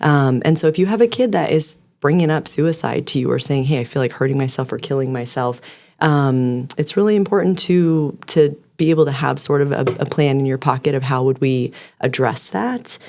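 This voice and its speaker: A woman's voice: rumbling low, brisk, a little mellow. A woman, a clinical social worker, speaking as a podcast guest and explaining at length in an earnest, sometimes rambling way. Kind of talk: casual podcast conversation.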